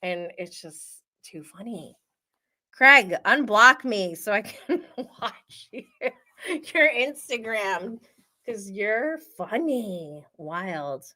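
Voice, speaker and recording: A woman hosting a casual reality TV recap, gossipy and animated, often laughing. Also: mid-range voice, drawn-out words. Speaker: host.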